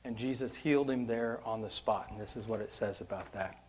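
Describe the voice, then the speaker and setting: A man preaching a sermon as pastor, addressing the congregation directly and moving between hushed storytelling and loud, impassioned preaching. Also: lowish voice, unhurried, pauses often.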